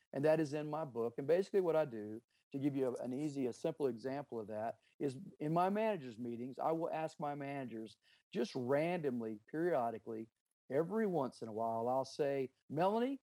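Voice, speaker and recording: A middle-aged man who runs a business recounts leadership stories in an interview, his medium-pitched voice warm and free of room sound. He is earnest and emphatic, relating anecdotes with quoted dialogue.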